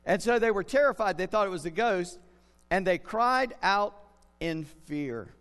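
Guy with a high voice giving a sermon, chatty, lots of questions, big echoey hall. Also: lively intonation, measured pace, fairly bright tone, clear, resonant tone. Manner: conversational preaching, asks the crowd questions. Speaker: pastor. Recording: long reverb of a large hall.

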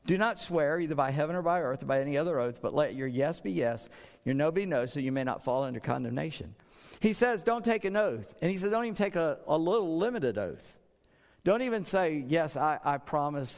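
A man's voice: fairly high pitch, darkish tone. A middle-aged man preaching a sermon in a conversational way, often repeating words and acting out the speech he quotes. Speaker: pastor. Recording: long hall reverb.

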